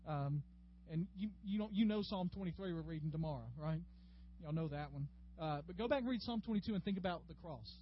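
A man's voice: fairly high pitch, fairly quick. Folksy man teaching a Bible class. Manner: folksy and chatty, addressing class members by name. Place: classroom with a group. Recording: dull lo-fi room recording with faint hum.

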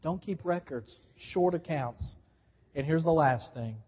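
High-voiced emphatic male preacher. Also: unhurried, slightly rough. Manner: emphatic, repeats key phrases, coaches the congregation to respond. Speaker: pastor. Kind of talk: sermon. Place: church sanctuary. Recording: dull live church recording with long reverb.

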